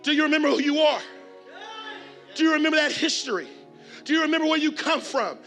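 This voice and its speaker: A man delivering a motivational keynote to a conference crowd, preacher-style, with call and response and shouted refrains. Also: extremely high pitch, animated, quick pace, vocal fry, soft background music. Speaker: keynote speaker. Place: large conference hall with audience.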